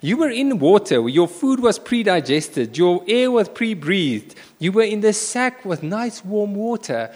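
Brief: animated male preacher, rather high voice that leaps about, long hall reverb. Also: a little slow, few pauses. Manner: animated storytelling, swinging between loud bursts and hushed asides. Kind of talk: sermon with personal story.

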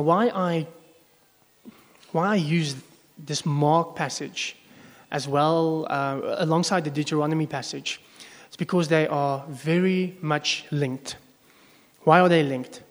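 Pastor preaching in an echoing hall. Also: male voice, a little high. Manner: conversational, asks the congregation questions. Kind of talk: sermon. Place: church service before a congregation. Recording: long echo of a large hall.

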